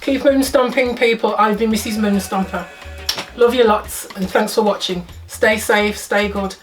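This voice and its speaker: A woman's voice: mid-range voice, steady tone, normal speed, distant mic. A middle-aged woman, co-hosting a music channel with playful jokes in casual chat. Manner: playful, joking. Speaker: co-host of a punk music channel. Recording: voice off the mic, music bed.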